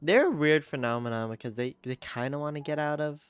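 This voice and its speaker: A man's voice: on the high side, brisk, clean tone. A male streamer chatting casually and giggling often while playing a game. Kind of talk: casual gaming stream chat.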